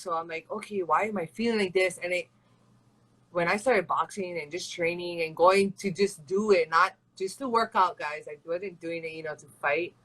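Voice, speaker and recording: Bright-voiced chatty woman. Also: fairly low pitch, poor audio. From Hawaii. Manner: chatty and rambling, full of "like" and "you know". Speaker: MMA fighter and guest. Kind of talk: casual interview chat.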